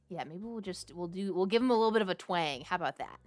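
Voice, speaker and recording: A woman's voice: on the low side, expressive, fast talker, dry recording. Girl streaming a game, super swingy voice, giggly and jumpy, dry sound, faint game music behind. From Texas. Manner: jumpy, giggly, talks to chat. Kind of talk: live game commentary.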